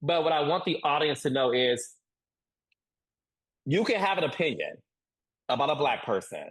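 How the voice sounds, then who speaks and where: A man talking as a guest on a podcast interview, emphatic and animated, repeating points for stress. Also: a little high, normal speed, breathy edge, rough recording. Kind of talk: casual interview chat.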